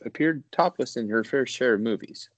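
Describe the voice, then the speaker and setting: A man's voice: mid-range voice, normal speed, no room sound. A man co-hosting a podcast, easygoing, reading out the next entries in casual chat. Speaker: podcast co-host.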